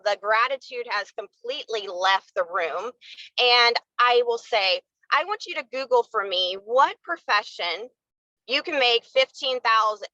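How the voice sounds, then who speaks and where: A woman's voice: fairly high pitch, sharp tone, no echo, muffled recording. A woman leading her sales team in a candid, fired-up motivational live talk, saying y'all. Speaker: network marketing team leader.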